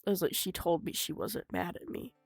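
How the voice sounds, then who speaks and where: Halting young woman telling her story. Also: on the low side, fairly even intonation, gravelly, breathy edge, no echo. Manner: halting and emotional, with frequent swearing. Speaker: vlogger. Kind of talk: unscripted personal story.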